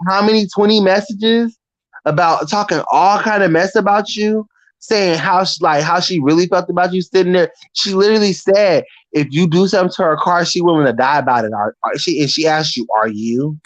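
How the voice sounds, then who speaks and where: Slangy animated man telling a story. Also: high voice, brisk, no room sound, rough recording. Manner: animated, profane, slangy and talking straight to the viewer. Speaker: storyteller vlogger. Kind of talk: casual storytelling monologue.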